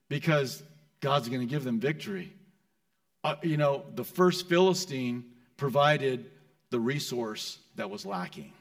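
A man preaching a sermon in a conversational way, restarting phrases and swinging between loud and soft delivery. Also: medium pitch, expressive, measured pace, vocal fry. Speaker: pastor.

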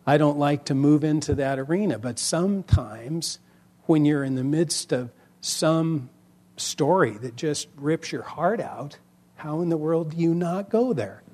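A middle-aged male pastor coaching other preachers in a relaxed, conversational way. His voice sits a little high for a man. He tells stories with lively swings in volume. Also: unhurried. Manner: conversational, animated storyteller with lively vocal swings. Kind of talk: teaching talk to pastors.

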